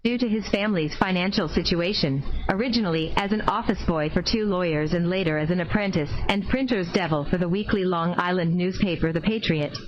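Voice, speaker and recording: A woman reading an encyclopedia article aloud in an even, careful voice. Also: on the low side, a little fast, few pauses, slight background noise. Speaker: reader. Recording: slightly dull lo-fi recording.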